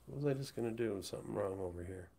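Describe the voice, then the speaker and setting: A man streaming live who rambles, says he's high and mumbles, often trailing off into whispers. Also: quick pace, vocal fry, mellow, slight background noise. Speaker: livestreamer. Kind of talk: casual livestream chat. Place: indoors, hot room.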